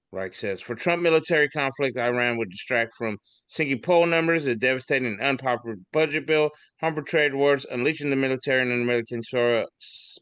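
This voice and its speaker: A man rambles through a pile of memes on a casual podcast, swearing freely and laughing along at the jokes. His voice is bright and forward. The sound is dry and close, with no room around it. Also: medium pitch, smooth, no room sound. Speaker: podcast co-host. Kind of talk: casual chat reading memes aloud.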